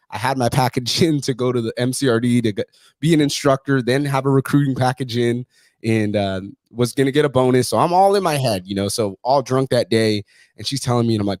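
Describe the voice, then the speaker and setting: A man's voice: mid-range voice, fast talker, a little mellow, dry recording. Blunt, profane man telling war stories. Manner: profane, blunt, swears constantly; acts out other voices in his stories. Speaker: podcast host. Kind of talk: casual storytelling chat.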